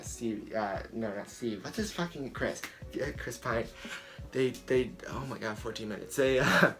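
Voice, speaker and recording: Man, movie review vlog, lowish voice, rambling, swears a lot, soft music behind. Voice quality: excitable, swears freely, rambling with restarts. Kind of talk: casual profane rant.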